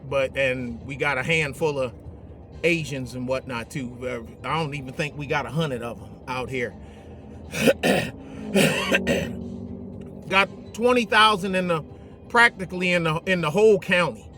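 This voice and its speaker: A man's voice: fairly high pitch, measured pace, long pauses, music in the background. A man telling a story in casual, rambling talk from inside his truck, trailing off into fillers. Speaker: vlogger. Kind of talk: casual storytelling while driving.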